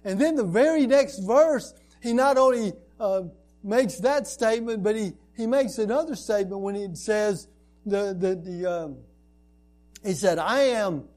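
A man's voice: high-pitched, measured pace, a little mellow. A man preaching a sermon as a pastor, speaking earnestly and building to emphatic, repeated lines.

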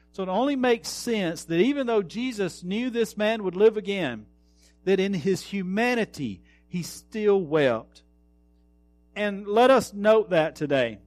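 A man preaching a sermon, earnest, slowing down to stress words and trailing off softly. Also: high-pitched, dry recording. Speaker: pastor.

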